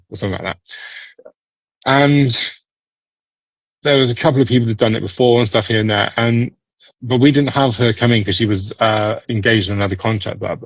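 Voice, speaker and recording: Man, husky, low voice, animated storyteller, dull lo-fi dry sound. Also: dry recording. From Britain. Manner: animated storyteller, laughs often, many restarts. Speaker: guest actor. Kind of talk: casual interview chat.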